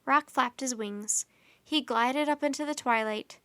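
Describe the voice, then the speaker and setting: A woman's voice: sits high, a little slow, no room sound. A woman storyteller reading a children's storybook aloud expressively. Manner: expressive, performing character voices.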